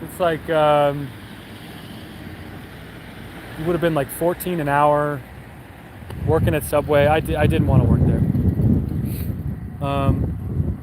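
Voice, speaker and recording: A man's voice: fairly high pitch, unhurried, long pauses, heavy background noise. A young man streaming, telling a rambling story to his chat with lots of fillers and wry asides. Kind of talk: casual storytelling to a live chat.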